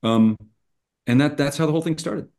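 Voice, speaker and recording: A man's voice: on the high side, a little fast, a little mellow. A middle-aged man, a screenwriter, telling a story in conversation and acting out both sides of old phone calls. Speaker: screenwriter guest.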